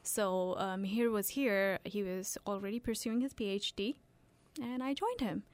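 A young woman with an Indian English accent, chatting in a radio interview, animated and quick to laugh, with halting restarts. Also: mid-range voice, dry recording. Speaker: radio guest.

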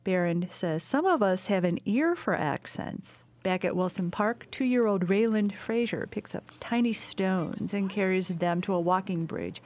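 A woman reporter narrating a scripted radio news feature in a clear, even delivery. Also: mid-range voice, a little slow, few pauses.

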